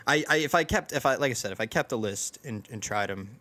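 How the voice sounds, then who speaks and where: A man's voice: mid-range voice, expressive, fast talker, sharp tone. A young man hosting a podcast in casual chat, talking in a rambling, self-deprecating way with lots of fillers and restarts. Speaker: podcast host.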